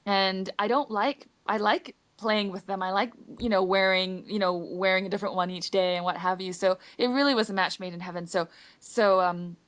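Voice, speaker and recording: A woman's voice: medium pitch, steady tone, a bit bright. A woman from Singapore, a voice actress, chatting as the guest of an interview over a conference call in a bubbly way. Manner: bubbly, chatty and quick to laugh. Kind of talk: casual interview answers.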